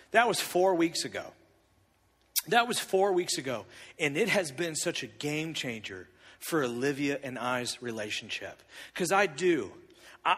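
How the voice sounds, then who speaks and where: A man in his thirties telling a personal story in a sermon, animated and confessional, with big swings in volume. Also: sits high, long reverb tail.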